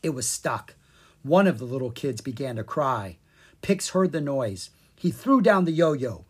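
A storybook reader with a husky, breathy voice and a mid pitch. The delivery swings through a wide, lively range, bright enough to hold young listeners. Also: unhurried. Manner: animated storytelling, voices each character. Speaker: audiobook narrator. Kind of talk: children's book narration.

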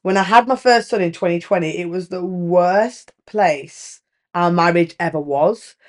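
A woman's voice: on the low side, a little slow. A woman in her thirties, hosting a podcast, tells a candid, emphatic story and swears casually. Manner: animated storytelling with lively rises. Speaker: podcast host. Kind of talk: candid relationship podcast monologue.

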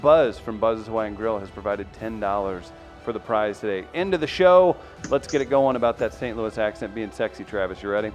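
A man's voice: lowish voice, brisk, hardly any pauses, soft background music. A man hosting a comedic talk show, upbeat as he leads the segments. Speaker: show host.

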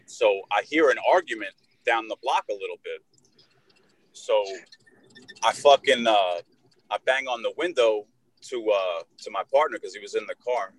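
A young man co-hosting a casual podcast, telling a long story full of swearing and filler words, and loudly acting out the shouted lines of the people in it. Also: fairly low pitch, animated, moderate pace, long pauses, rough recording. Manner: profane, rambling, with heavy fillers; acts out shouted quotes in a raised voice. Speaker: podcast co-host.

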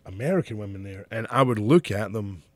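A man's voice: lowish voice, expressive, fairly quick, no echo. A man with a Scottish accent, co-hosting a podcast in casual chat, rambling and swearing freely as he tells his stories. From Scotland. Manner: rambling, profane storytelling. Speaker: podcast co-host.

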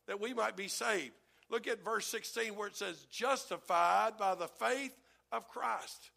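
Male preacher, high gravelly voice, animated, calls for amens. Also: moderate pace. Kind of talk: sermon with congregation read-along.

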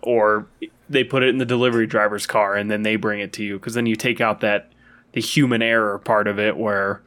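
A man's voice: lowish voice, little pitch movement, fairly quick, fairly bright tone. A man co-hosting a podcast in casual chat, easygoing and agreeable, building on his partner's jokes. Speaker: podcast co-host.

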